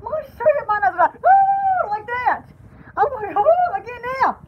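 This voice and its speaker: A woman's voice: very high voice, normal speed, highs cut off. A woman voicing a chattering, pampered female poodle who hosts a parody home-shopping show, rambling and squealing in a comic pet voice-over. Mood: excited. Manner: squealing, rambling, easily excited.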